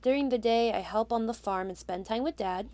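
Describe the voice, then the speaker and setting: A woman's voice: on the high side, a little fast, dark tone, natural voice. A woman voicing a shy, earnest young scarecrow boy in a game. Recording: game music behind.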